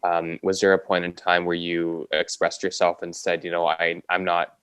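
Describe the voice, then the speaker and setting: Man, podcast co-host, very low voice, dry close sound, long questions. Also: completely flat delivery, moderate pace, a bit bright, clear, resonant tone, dry recording. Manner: brief affirmations and long winding questions. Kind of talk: interviewing a guest.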